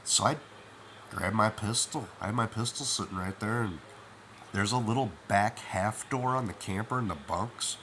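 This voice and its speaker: A man's voice: lowish voice, normal speed, pushed and bright, slight background noise. A middle-aged man, half asleep, rambling through a first-person story with lots of fillers. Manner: rambling, with many fillers like "you know" and "man".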